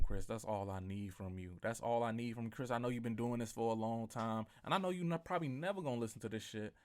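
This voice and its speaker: Profane rambling man with a lowish voice. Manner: profane, rambling, swings from loud outbursts to mumbled asides. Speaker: podcast host. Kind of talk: casual solo podcast rant.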